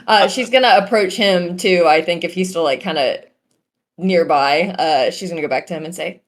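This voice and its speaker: A woman's voice: lowish voice, moderate pace. A woman playing in a tabletop game, describing her character's actions in a chatty, thoughtful way. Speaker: player.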